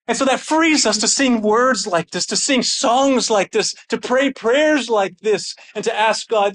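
A man preaching a sermon with fervent, excited intensity that sounds almost angry. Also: sits high, normal speed, few pauses. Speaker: pastor.

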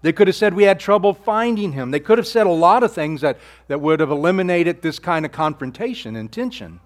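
A man preaching a sermon, earnest and conversational, asking rhetorical questions and sometimes dropping his voice low for emphasis. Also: very animated, fairly quick. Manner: earnest preaching, rhetorical questions, drops to near-whisper on key lines. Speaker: pastor.

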